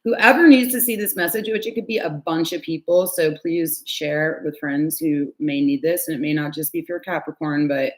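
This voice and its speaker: A woman's voice: sits low, normal speed, few pauses. A woman giving a casual tarot reading from home, chatty and candid, with frequent sighs and the odd swear word. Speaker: tarot reader.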